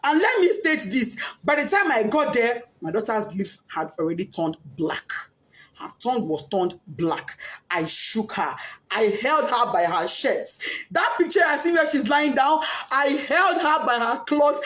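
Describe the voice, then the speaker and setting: A grieving Nigerian mother with Yoruba as her first language, giving an impassioned, tearful statement and often shouting as she pleads. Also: a little high, expressive, normal speed. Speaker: bereaved mother. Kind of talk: emotional personal statement.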